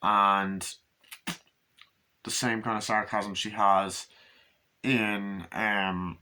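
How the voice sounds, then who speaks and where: A man's voice: lowish voice, flat delivery, extremely slow, pushed and bright, a little hiss or hum. A man giving a rambling, casual spoken movie review, retelling scenes and swearing freely.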